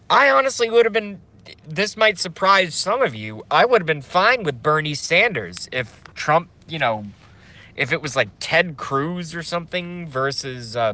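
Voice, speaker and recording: His voice is a little high with a sharp tone. He's a livestream host in a casual setting who rambles, swears a lot, gets emotional, and reads chat comments aloud.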